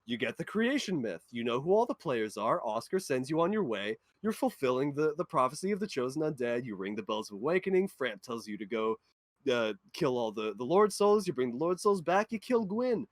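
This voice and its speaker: A man's voice: mid-range voice, big pitch swings, fairly quick, no room sound. A man in a casual podcast chat, passionately ranting about a game. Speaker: podcast co-host or guest.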